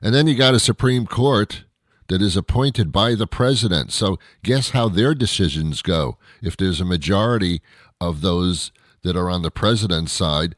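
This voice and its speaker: A middle-aged Canadian radio host delivers a solo talk show monologue, ranting in disbelief and mocking people through imitations. His voice is on the low side, recorded dry with clean studio sound.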